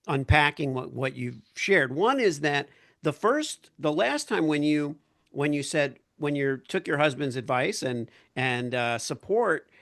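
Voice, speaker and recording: A man hosting a podcast interview, laid-back and quick to laugh, talking loosely and with some swearing. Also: on the high side, creaky, fairly bright tone. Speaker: podcast host. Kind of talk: casual interview chat.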